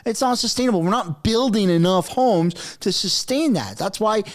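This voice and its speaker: A man's voice: high voice, very animated, normal speed. A man giving a sarcastic, exasperated political rant as a commentary host. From Canada.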